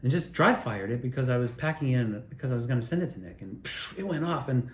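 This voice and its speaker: A man spins a meandering, excitable personal story, swearing freely and tripping over restarts. His voice sits at a middle pitch. The sound bounces around an echoey room. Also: quick pace. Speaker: video creator telling his own story.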